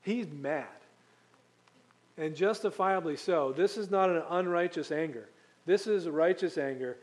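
A man's voice: sits high, normal speed. A man preaching a conversational Bible-teaching sermon, walking through scripture with frequent ums and restarts. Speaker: pastor.

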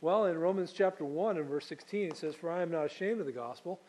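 A man's voice: a little high, fast talker, darkish tone, rough recording. A man preaching a sermon in a conversational, storytelling way, with frequent restarts and casual asides. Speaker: pastor.

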